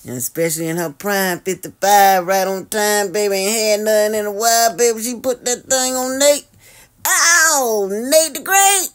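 A host giving sassy gossip commentary, drawling and teasing, with sudden high squeals and long hums. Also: steady tone, moderate pace, few pauses, clear, resonant tone.

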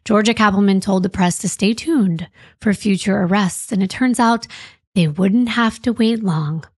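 A woman's voice: medium pitch, normal speed, a little mellow, breathy edge, no room sound. Female true crime host, wry and sarcastic; dry, close recording. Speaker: podcast host. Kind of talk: true crime podcast narration.

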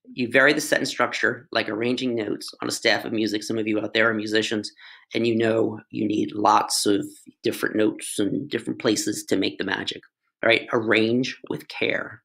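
A man's voice: fairly low pitch, creaky, fairly bright tone. A man tutoring English, explaining grammar in a casual, playful way with jokes and asides to his students.

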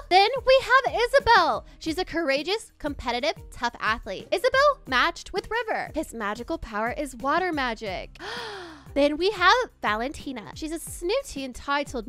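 A woman hosting a game video, giving excited, gushing gameplay commentary with frequent gasps. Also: high-pitched. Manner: gasps often, gushing and exclamatory.

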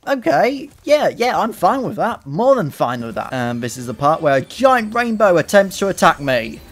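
A man doing sarcastic, profane, excitable commentary while playing a video game, recorded into a desk microphone. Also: sits high, moderate pace. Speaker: let's play commentator.

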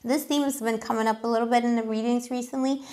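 Woman, tarot reader, casual monologue, chatty, giggly, lots of fillers, slightly high voice. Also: steady tone, quick pace, darkish tone.

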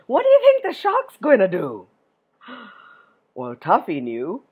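A woman slowly reads a rhyming poem aloud to children in a slightly husky voice that sits low. She is highly expressive, with her voice rising and falling dramatically, and she pauses to ask her young listeners questions.

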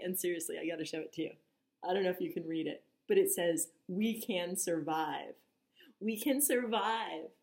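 A woman in her forties, a meditation teacher, talking casually to her viewers, chatty and laughing, with soft whispery asides. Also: lowish voice. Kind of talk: casual vlog monologue.

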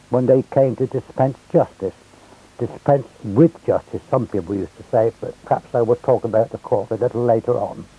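Elderly man with a very mellow husky voice. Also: medium pitch, low-quality recording. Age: older. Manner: chatty, wry anecdotes. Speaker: narrator. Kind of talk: storytelling reminiscence.

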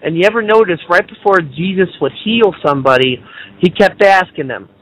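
A man's voice: high voice, brisk, a bit bright, rough recording. A man on a talk radio show, earnestly explaining his spiritual views in a lecturing way. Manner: earnest, lecturing, mocks others in exaggerated voices.

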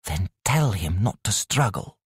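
A man's voice: deep voice, big pitch swings, unhurried, slightly rough, dry recording, clean studio sound, full character voice. A man voicing a proud, swift female magical cat who speaks tersely and disdainfully in an audiobook. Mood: haughty.

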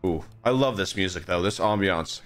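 A young man with a fairly low voice chats loosely to his viewers while streaming a spooky game. He rambles and restarts his sentences, and his voice jumps up high when something startles him. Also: normal speed, a bit bright, faint music behind. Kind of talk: casual gaming livestream chat.

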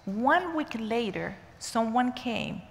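A woman giving a sermon in a church, telling a story earnestly and with emphasis, sometimes rushing and sometimes slowing down. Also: fairly high pitch, sing-song, vocal fry. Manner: earnest, emphatic storyteller, pace shifting between rushed and slow. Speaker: church speaker. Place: church sanctuary. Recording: long church hall reverb.

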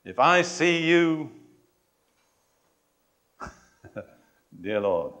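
A man preaching a sermon to a congregation. He speaks in a measured, emphatic way, puts questions and challenges to his listeners, and adds touches of dry humor. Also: fairly high pitch, sing-song, fairly bright tone. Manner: addresses and challenges the congregation directly.

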